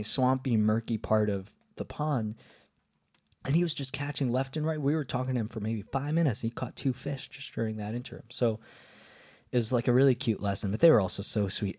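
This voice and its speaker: Low gravelly man telling a rambling story. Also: a little mellow, no room sound, studio quality. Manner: rambling, many fillers and restarts, upbeat. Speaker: podcast host. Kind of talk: casual storytelling monologue.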